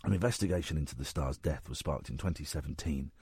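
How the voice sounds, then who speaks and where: A man's voice: a bass voice, fast talker, a little mellow, breathy edge, no room sound. A man hosting a radio show, reading news stories aloud and breaking off with sarcastic asides. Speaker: radio host. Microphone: studio microphone.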